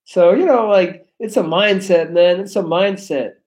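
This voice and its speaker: Loud animated man, American accent. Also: sits high, unhurried, low-quality recording. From Belgium. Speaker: livestreamer. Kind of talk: casual live stream chat.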